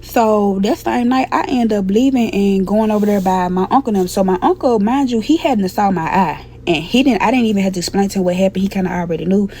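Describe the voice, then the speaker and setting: A woman's voice: medium pitch, fairly quick, hardly any pauses, dark tone, slight background noise. A young adult woman telling a personal story in a blunt, profane, candid way. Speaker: storytime vlogger. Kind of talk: casual storytelling.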